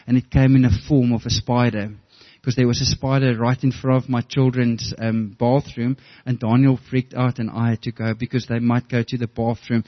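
Brief: middle-aged pastor, mid-pitched, earnest, storytelling sermon with restarts, muffled lo-fi audio. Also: male voice.

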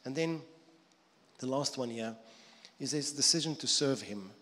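A man delivers a sermon in a relaxed, conversational manner, slipping into quick acted voices for the people he quotes. His voice sits at a middle pitch for a man. The sound carries a long hall reverb, as in a church. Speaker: preacher.

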